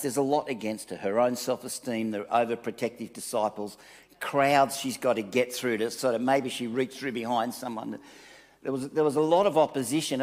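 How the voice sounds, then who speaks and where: Man, preacher, mid-pitched voice, casual sermon, reverberant hall. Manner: conversational, animated storytelling with asides. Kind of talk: sermon with Bible reading.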